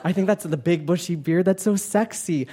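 A man's voice: high-pitched, normal speed, dark tone. Playful gay man doing stand-up. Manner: playful, self-mocking, laughing through lines. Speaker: stand-up comedian. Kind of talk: stand-up comedy set. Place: comedy club stage before a live audience. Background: audience laughter and room noise.

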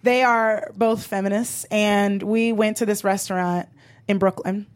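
A woman co-hosting a live show, telling funny stories in a lively, profane way and laughing as she goes. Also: medium pitch, a little slow. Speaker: podcast co-host. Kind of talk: live comedic storytelling.

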